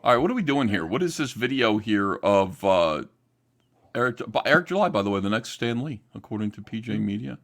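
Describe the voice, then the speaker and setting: A blunt man from New Jersey sits in as a guest on a casual panel chat. His voice sits fairly low, and he rants and swears freely. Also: lively intonation, brisk, gravelly. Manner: blunt, profane, ranting.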